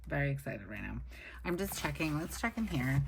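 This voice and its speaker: A woman with a deep, sing-song voice and vocal fry talks fairly quickly, with slight background noise. She's a planner vlogger at her home desk, setting up her weekly planner and chatting casually, upbeat and rambling, to a camera set low on the desk.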